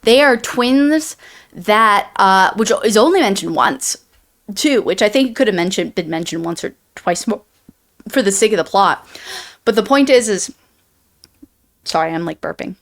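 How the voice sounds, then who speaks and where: A woman's voice: mid-range voice, lively intonation, normal speed. A woman co-hosting a book review podcast, summarizing the plot in casual chat, rambling with many restarts and fillers.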